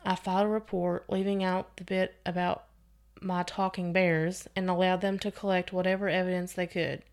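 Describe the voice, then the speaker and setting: Here a female podcast host reads a scary story with expression, occasionally restarting a phrase. Her voice is fairly low, level in tone, and moderately paced.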